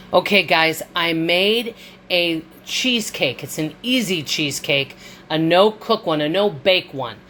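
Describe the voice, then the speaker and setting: A woman's voice: lowish voice, pushed and bright. A woman hosting a cooking vlog from her home kitchen, talking through frugal recipes in a chatty, encouraging way. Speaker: cooking vlogger. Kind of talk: casual cooking demonstration.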